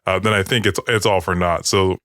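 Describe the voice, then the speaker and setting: A man co-hosting a podcast talks in a loose, rambling way, restarting his sentences and swearing often. His voice sits low. It is recorded close and dry. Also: fairly even intonation, fairly quick, fairly bright tone, no echo. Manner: rambling, with many restarts and profanity. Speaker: podcast co-host. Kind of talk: casual chat.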